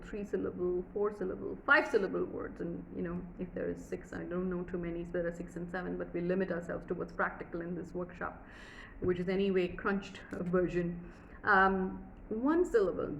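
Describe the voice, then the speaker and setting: A woman's voice: medium pitch, gravelly, a little hiss or hum, low-quality recording. A woman teaching a pronunciation workshop, drawing out example words and asking the listener questions. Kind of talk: workshop lesson.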